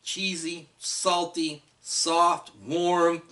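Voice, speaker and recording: Chatty man reviewing food, bright tone. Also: fairly high pitch, flat delivery, drawn-out words, far from the mic. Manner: enthusiastic, chatty, addresses viewers directly. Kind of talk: casual food review vlog.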